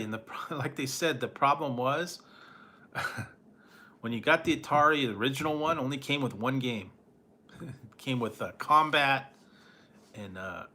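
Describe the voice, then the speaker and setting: Food reviewer, male, loose rambling chat with frequent chuckles; bright, forward tone. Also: medium pitch, animated, unhurried, long pauses. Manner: rambling, chuckles often between remarks; nostalgic, trails off and restarts. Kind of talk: casual chat.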